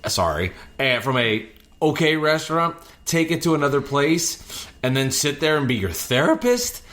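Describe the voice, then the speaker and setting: A man's voice: on the high side, normal speed. Chatty man telling delivery stories. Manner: animated anecdotes, breaks into singing. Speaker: podcast host and delivery driver. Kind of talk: casual storytelling chat.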